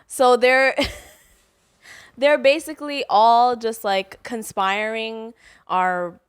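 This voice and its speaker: A woman's voice: fairly high pitch, steady tone, slow, smooth, no echo. A woman comedian, a podcast guest, telling a story in casual chat, laughing and quoting others as she goes. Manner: storytelling with laughter and mimicked quotes.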